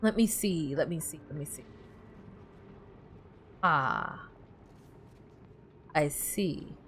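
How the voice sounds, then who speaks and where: A woman's voice: low-pitched, lively intonation, very slow, a bit bright, slight background noise. A woman streamer chatting casually while playing, rambling and bossing her game characters around. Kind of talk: casual gameplay chat.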